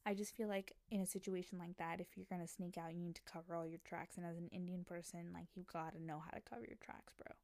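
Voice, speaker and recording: A young adult woman hosting a podcast, chatting casually and telling stories in an excitable, animated way, acting out quoted voices. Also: on the low side, fast talker, few pauses, no echo. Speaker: podcast host. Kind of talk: casual chat.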